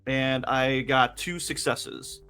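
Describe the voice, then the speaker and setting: A man playing a tabletop game, unhurried and asking the others questions. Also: medium pitch, fairly even intonation, bright, forceful tone, clean tone, faint music behind. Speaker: player. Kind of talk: casual tabletop game play.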